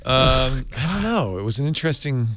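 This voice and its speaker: A man's voice: medium pitch, moderate pace, no room sound. A man hosting a loose, jokey tech panel, his voice swinging up and down a lot as he hops from story to story. It sounds dry and close on the mic. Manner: animated, jokey, rattles through news items. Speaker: host. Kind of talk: casual panel chat.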